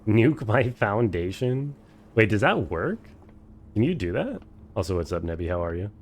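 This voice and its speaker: A man's voice: on the low side, big pitch swings, moderate pace, slight background noise. A man streaming a game for the first time, thinking aloud, swearing freely and chatting with his viewers. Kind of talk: casual live-stream commentary.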